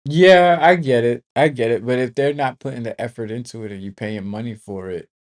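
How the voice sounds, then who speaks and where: A man co-hosting a casual talk about parenting, relaxed and agreeable, often answering with short affirmations. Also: mid-range voice, brisk. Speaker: podcast co-host, parent. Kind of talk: casual conversation.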